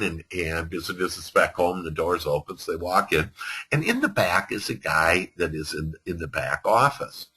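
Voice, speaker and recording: Guy telling a rambling teaching story, bright slightly husky voice, pitch jumps around a lot, lots of ums. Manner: rambling, with many fillers and restarts, animated storytelling. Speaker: self-help teacher. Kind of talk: storytelling lesson.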